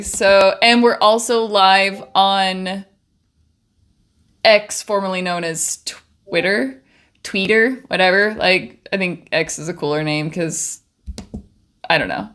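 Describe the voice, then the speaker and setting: A woman's voice: mid-range voice, a bit bright. A young woman livestreaming from her home studio while she paints, chatting in a bubbly, rambling way into a desk microphone. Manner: chatty, bubbly, trails off and restarts. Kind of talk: casual chat while painting.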